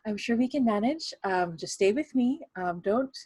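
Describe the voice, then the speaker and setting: A woman's voice: very animated, unhurried, mellow, no room sound. A woman voicing a flustered older aunt who gasps melodramatically. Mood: strained. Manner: gasping, melodramatic, high and shrill.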